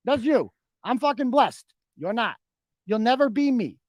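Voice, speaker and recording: A man's voice: very high voice, sing-song, unhurried, darkish tone, highs cut off. A man from the United States, arguing on a live stream in a boastful, profane and mocking way. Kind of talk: heated live-stream argument.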